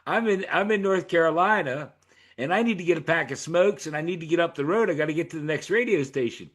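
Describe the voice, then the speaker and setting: Middle-aged male host from Pennsylvania, lively yarn-spinner, slightly high voice. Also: fast talker. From York, Pennsylvania. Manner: animated storyteller, swears casually. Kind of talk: casual interview chat.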